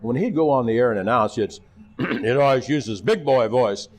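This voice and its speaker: An older man with a Midwestern American accent, a former TV weatherman, telling animated anecdotes as an interview guest. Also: mid-range voice, moderate pace. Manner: animated anecdotes, acting out quotes. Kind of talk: casual storytelling.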